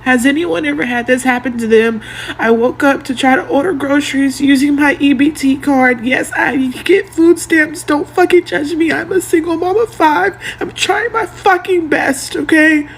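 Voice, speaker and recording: A woman's voice: high-pitched, normal speed, creaky, slight background noise. A single mother pleading for help, upset and close to tears. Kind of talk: tearful phone video.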